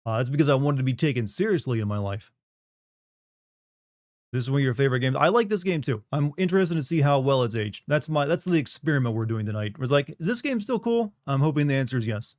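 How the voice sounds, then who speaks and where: A man's voice: mid-range voice, fast, darkish tone, no echo, clean studio sound. A middle-aged man from the Southern United States chatting casually on a live stream, rambling, joking and reading chat aloud.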